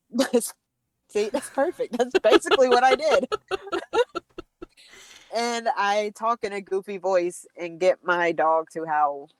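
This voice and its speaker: A woman's voice: medium pitch, takes it slowly, long pauses, no echo. Chatty woman podcast co-host, dry sound. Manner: chatty, animated storyteller. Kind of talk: casual chat.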